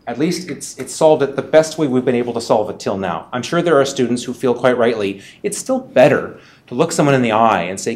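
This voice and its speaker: A man's voice: mid-range voice, lively intonation, normal speed, a little mellow. A middle-aged man, a medical lecturer, talking casually on a panel, conversational with frequent restarts. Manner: conversational, frequent restarts and quoted student questions.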